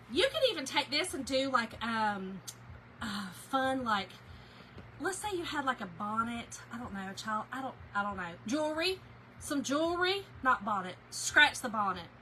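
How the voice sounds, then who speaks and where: A middle-aged woman, hosting a craft livestream and telling stories to viewers in an animated, laughing way. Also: a little high, a little hiss or hum, rough recording. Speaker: craft segment host. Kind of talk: chatty livestream storytelling.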